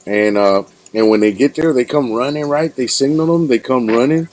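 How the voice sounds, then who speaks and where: A man's voice: medium pitch, normal speed, a little mellow. A man hosting a casual podcast interview, rambling and slangy, calling his guest bro and dude. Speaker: podcast host.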